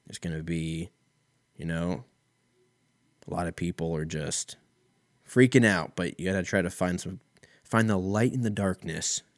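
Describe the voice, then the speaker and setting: A man's voice: deep voice, unhurried, pauses often, no room sound, clean studio sound. A man hosting a casual solo talk, rambling in a wry, profane way. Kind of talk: casual solo comedic rant.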